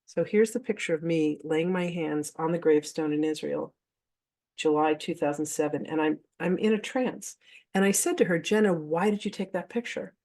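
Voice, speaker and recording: A woman's voice: low-pitched, moderate pace, darkish tone. A woman leading a spiritual masterclass, talking to her audience casually and openly, with frequent laughs and offhand swearing, as she mixes teaching with personal stories. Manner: chatty and candid, laughs often, swears offhandedly; addresses the audience directly.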